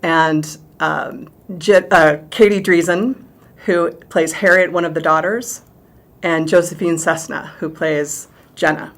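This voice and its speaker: A woman's voice: lowish voice, fairly even intonation, takes it slowly. A middle-aged woman, a theatre director, chatting animatedly in an interview and laughing easily. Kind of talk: casual interview chat.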